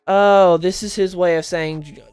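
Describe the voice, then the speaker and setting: A man's voice: fairly high pitch, fairly even intonation, fast talker, soft background music. A man hosting a casual livestream about comics, chatting with viewers and reading recaps aloud. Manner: chatty, reads chat and recaps aloud, laughs at own jokes.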